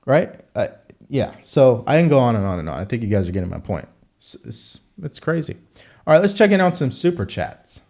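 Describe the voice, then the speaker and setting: A man's voice: mid-range voice, big pitch swings, a little fast, creaky, a little mellow. Male host, live political commentary, punchy rhetorical delivery, mid-range voice. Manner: rhetorical, repeats questions for emphasis.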